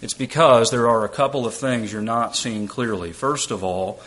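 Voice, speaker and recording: Bright-voiced male preacher explaining scripture. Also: mid-range voice, normal speed. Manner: explains step by step, reads scripture aloud, asks rhetorical questions. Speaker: preacher and Bible teacher. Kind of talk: expository sermon.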